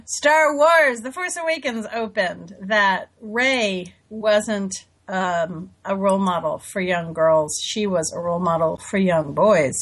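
A woman's voice: mid-range voice, slow pace, hardly any pauses. A woman in her forties hosting a radio talk show, chatty and self-deprecating, with fillers and little laughs. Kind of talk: casual radio talk with readings.

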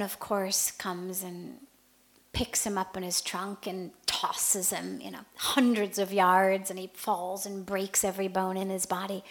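A woman spiritual teacher hosting a radio talk, telling a parable in an animated way that shifts between hushed and loud passages. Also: mid-range voice.

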